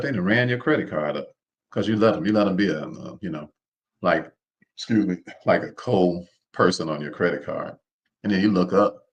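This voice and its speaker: Man, deep low voice, live seminar host, informal preacher-like delivery, repeats phrases, calls on the audience. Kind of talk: live online seminar talk.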